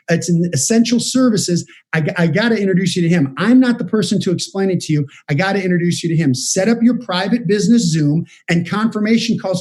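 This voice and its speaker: A man giving a direct, energetic motivational training talk, coaching his audience over a video call. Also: high voice. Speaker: business trainer. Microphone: video call setup.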